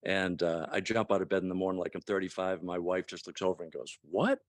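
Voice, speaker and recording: Halting low-voiced man in his sixties. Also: level tone, dry recording. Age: 60s. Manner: halting, many fillers and restarts. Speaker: guest giving a testimonial. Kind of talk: casual call testimonial.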